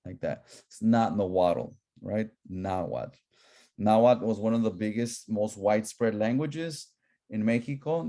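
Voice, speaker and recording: Casual low-voiced man teaching a class. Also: dark tone. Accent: Southern Californian. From Southern California. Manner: casual, chatty, repeats himself. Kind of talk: online class lecture. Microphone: laptop microphone.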